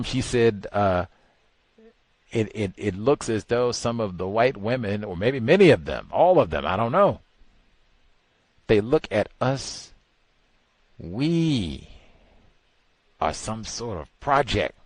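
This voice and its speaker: A man hosting a talk show, giving casual, exasperated commentary that swings from low mutters to incredulous high outbursts. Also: big pitch swings, slow pace, long pauses, darkish tone, no room sound.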